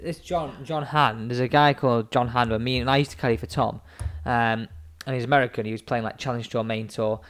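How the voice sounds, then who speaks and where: A man co-hosting a casual golf chat, animated and acting out scenes as he banters. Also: mid-range voice, brisk, hardly any pauses. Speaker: podcast co-host.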